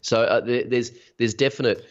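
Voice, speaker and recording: A man's voice: medium pitch, steady tone, moderate pace. A man speaking as a podcast guest, telling candid stories and giving motivational advice in a frank interview conversation. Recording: dull lo-fi sound.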